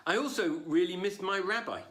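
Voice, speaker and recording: A man performing a stand-up comedy routine online, jumping between loud punchlines and low asides. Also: fairly quick.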